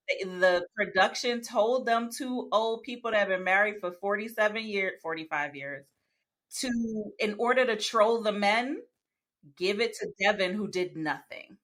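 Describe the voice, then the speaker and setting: A woman's voice: mid-range voice, a bit bright. A woman co-hosting a podcast in casual chat, blunt, joking and profane. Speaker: podcast co-host.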